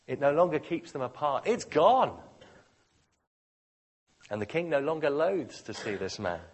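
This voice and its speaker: Male preacher, husky voice, sermon, dramatic delivery, quiet to loud. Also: fairly high pitch, big pitch swings, measured pace.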